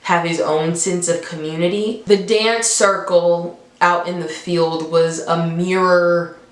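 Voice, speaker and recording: Young woman, film reviewer, animated storyteller, lowish voice, echoey room. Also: takes it slowly. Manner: animated storytelling, laughs between points. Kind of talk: casual movie review.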